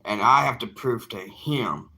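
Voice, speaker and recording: A man's voice: mid-range voice, lively intonation, a little slow, sharp tone, husky. A young man, an evangelist talking casually to his livestream viewers in an earnest, plainspoken, defiant way.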